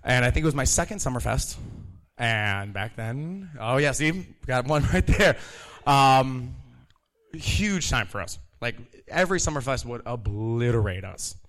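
An animated man in his thirties tells a story live, laughing often and acting out the voices of the people in it. His voice sits at an everyday middle pitch. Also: a little slow. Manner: animated, laughing, acts out quotes. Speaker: storyteller, kitchen manager.

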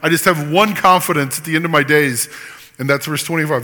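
A male pastor preaching with a bright, forceful voice that swings from loud emphatic scripture to quieter explaining. His sermon rings out with a long hall reverb. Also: fairly high pitch, normal speed. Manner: impassioned preaching, reading scripture aloud with teaching asides.

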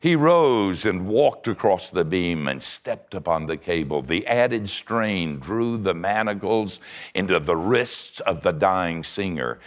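A man preaching a sermon, telling stories in an animated way, dropping to a hush and rising to a shout. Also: low voice, slow. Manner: animated storyteller, swinging from hushed to shouting.

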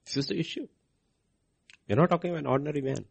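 A man's voice: fairly high pitch, very fast, gravelly, a little mellow, breathy edge. A man preaching a sermon, asking his listeners questions and answering them himself.

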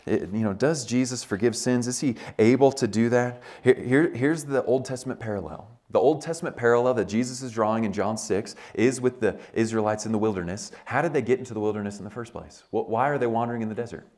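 A man preaching a sermon at a retreat, animated and full of rhetorical questions, acting out scenes as he tells them. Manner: animated, acts out scenes with big pitch jumps and rhetorical questions. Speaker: pastor. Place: retreat meeting room.

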